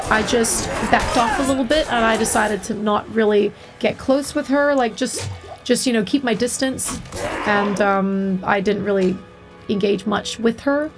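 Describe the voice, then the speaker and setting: A woman streamer chatting frankly about her life while she plays, full of filler words. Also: on the high side. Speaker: game streamer. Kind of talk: casual storytelling while gaming.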